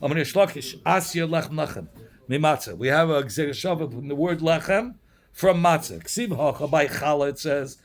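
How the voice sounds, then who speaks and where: A man's voice: on the high side, moderate pace. A man with a Yiddish-inflected English accent, teaching a Talmud class and explaining terms step by step with frequent restarts.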